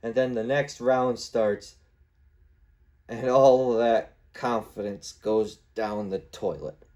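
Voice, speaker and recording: A man's voice: mid-range voice, steady tone, slow, dark tone, dull audio. A young man hosting a podcast, rambling casually and swearing freely. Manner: rambling, swears freely, acts out his own gaming trash talk. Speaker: podcast host. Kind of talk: casual solo podcast chat.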